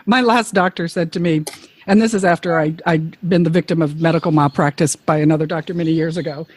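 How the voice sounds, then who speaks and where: A woman's voice: low voice, fairly even intonation, fast talker, no room sound. A woman podcast host in casual conversation, earnest and encouraging as she responds to her guest. Her voice is recorded close and dry, with no room sound. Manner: supportive interjections, earnest advocacy. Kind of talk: casual interview chat.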